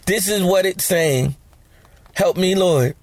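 A man's voice: high-pitched, takes it slowly, no echo. A man hosting a podcast, teaching scripture in a conversational, slangy way with joking asides. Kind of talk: casual Bible teaching.

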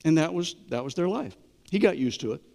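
Middle-aged guy preaching, kinda high voice, talks to the crowd like a chat, big echoey hall. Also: animated, a little fast, creaky, darkish tone. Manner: conversational preaching, asks the congregation questions. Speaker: pastor. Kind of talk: sermon.

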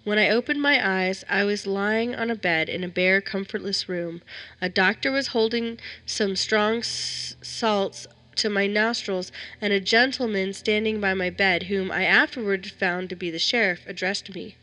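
Woman narrator, bright voice, steady measured horror-story reading. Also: medium pitch. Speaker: story reader.

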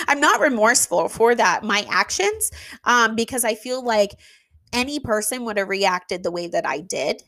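A woman who runs an event venue tells a casual story, animated and emphatic, with fillers and the odd swear word. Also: on the high side, a little slow, no echo. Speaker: venue owner.

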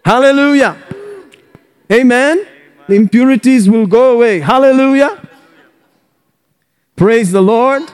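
A male pastor preaching a sermon, animated, breaking into bursts of laughter and shouted praise. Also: very high-pitched, a little slow, pauses often, clear, resonant tone, big-room sound.

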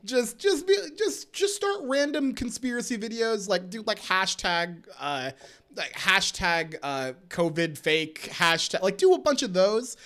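A podcast host leading a casual chat, animated and laughing often, swearing freely and steering the conversation between topics. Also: medium pitch, unhurried.

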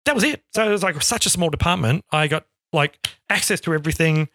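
A middle-aged man from Australia, an interview guest telling animated stories and acting out quotes. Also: fairly high pitch, fast talker, no room sound, clean studio sound. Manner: animated, acts out quotes in storytelling. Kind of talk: casual storytelling.

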